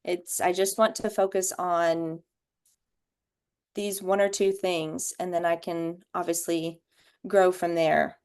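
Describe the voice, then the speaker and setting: A woman sharing book notes in a casual video-call discussion, unhurried and thoughtful, with many ums. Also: on the low side, little pitch movement, darkish tone. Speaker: book study participant.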